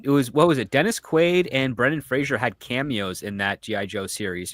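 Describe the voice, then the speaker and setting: A man's voice: mid-range voice, brisk, no room sound, clean studio sound. A man co-hosting a pop culture podcast, making wry offhand remarks in casual chat. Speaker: podcast co-host.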